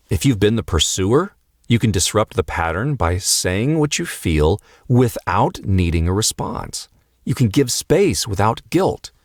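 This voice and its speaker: Deep-voiced man giving calm marriage advice. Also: dry recording, clean studio sound. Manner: calm, earnest, repeats phrases for emphasis. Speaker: marriage coach. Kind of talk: motivational advice talk to husbands.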